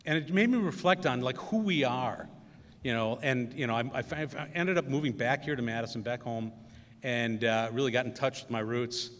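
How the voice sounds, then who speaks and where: A man's voice: mid-range voice, moderate pace. A middle-aged man, giving a commencement speech full of self-deprecating, anecdotal storytelling and many fillers. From Wisconsin. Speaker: commencement guest speaker. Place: school ceremony hall. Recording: echoey hall reverb.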